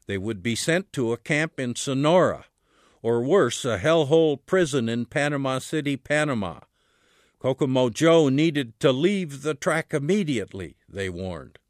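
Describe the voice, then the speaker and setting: A man, the author, reading a chapter of his book aloud in a measured way, his voice dropping low on the dialogue tags. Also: no room sound, studio quality.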